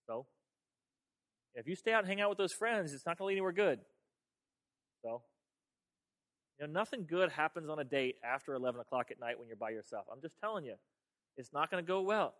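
A man's voice: on the high side, lively intonation, brisk, pauses often, fairly bright tone. A man pastor preaching a sermon in a conversational way, often repeating words and talking straight to his listeners. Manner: conversational, repeats words, talks to the audience directly.

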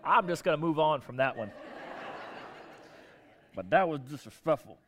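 High-voiced joking pastor in a reverberant hall. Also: male voice, animated, normal speed. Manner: conversational and joking, with repeated restarts. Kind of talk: sermon. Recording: long reverb of a church hall.

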